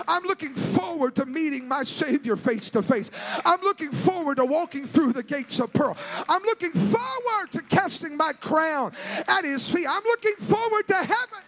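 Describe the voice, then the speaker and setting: A man preaching as a guest evangelist at a church service, fervent and often shouting to the congregation. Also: very high voice, animated, a little fast. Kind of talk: sermon.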